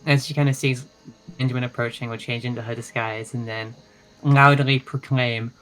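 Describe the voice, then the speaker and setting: A man's voice: medium pitch, fairly even intonation, normal speed, fairly bright tone, rough recording. A man playing a tabletop role-playing game, playfully describing his character's actions in third person. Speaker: player.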